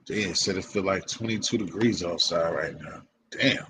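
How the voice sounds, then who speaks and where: A man with a low voice chats in loose, easy slang. A faint hiss of noise sits under the recording. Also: normal speed. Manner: relaxed, loose slang banter. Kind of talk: casual chat.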